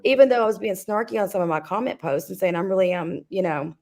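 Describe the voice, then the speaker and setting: A woman's voice: mid-range voice, animated, fast talker, darkish tone. A woman co-hosting a casual commentary chat, snarky and conversational, with lots of fillers. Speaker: co-host.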